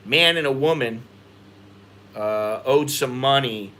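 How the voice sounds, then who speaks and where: American man, livestream host, bright forceful voice, frustrated venting, faint background noise. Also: takes it slowly. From United States. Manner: frustrated venting, rising in pitch when agitated. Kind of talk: casual livestream commentary.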